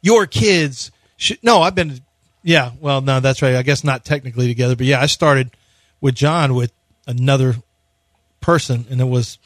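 A man's voice: mid-range voice, moderate pace, no echo. A middle-aged man hosting sports talk radio, joking and teasing in casual studio banter. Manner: joking, playful, fond of teasing and tricking people. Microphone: studio microphone.

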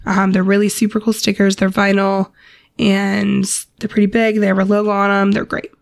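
A woman's voice: medium pitch, completely flat delivery, moderate pace, vocal fry, no echo, clean studio sound. A woman co-hosting a podcast in casual chat, her voice ragged and nasal from congestion, talking in a rambling way. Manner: chatty, rambling, breaks into laughs. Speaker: podcast co-host.

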